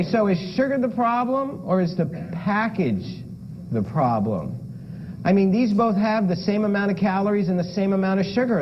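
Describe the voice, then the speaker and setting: A man giving a playful lecture with props to a room of listeners, firing questions at the audience. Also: sits high. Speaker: lifestyle medicine lecturer. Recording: dull lo-fi lecture recording with noise.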